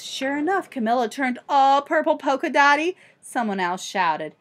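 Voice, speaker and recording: A woman reading a children's picture book aloud expressively and pausing to ask listeners questions. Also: high-pitched, sing-song, fairly bright tone. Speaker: storybook reader for children.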